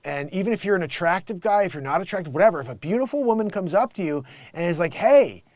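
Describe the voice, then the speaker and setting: A man hosts a comic news commentary with a fairly high, very lively voice that swoops up and down. He mocks what he sees and slips into short character voices for the people he describes. The sound is dry and close, with no room echo. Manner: animated, mocking, does quick voices in quoted bits. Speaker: host. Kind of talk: casual comedic commentary.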